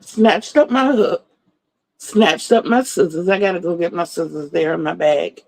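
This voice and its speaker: Greeting her viewers, a middle-aged woman rambles and tells stories in a casual livestream. Her voice sits on the low side and sounds gravelly, delivered at a moderate pace. The poor recording carries a little hiss or hum.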